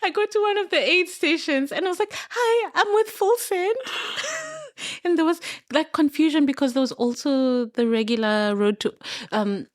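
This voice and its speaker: A woman from Kenya chats as a podcast guest with a fairly high voice. She tells her stories with animation, laughs often and acts out the lines of the people in them. The recording is close and dry. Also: a little fast, few pauses, dry recording. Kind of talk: casual storytelling chat.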